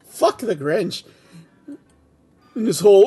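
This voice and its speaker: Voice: medium pitch, expressive, measured pace, darkish tone, breathy edge. A host reading a fan script aloud for comedy and breaking off into exasperated, laughing rants about it.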